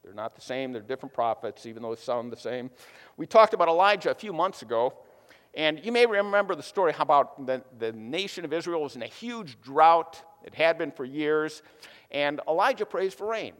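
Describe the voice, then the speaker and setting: A man's voice: a little high, expressive, fairly quick, a bit bright. A man preaching a sermon in a casual, chatty storytelling way, full of fillers. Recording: long hall reverb.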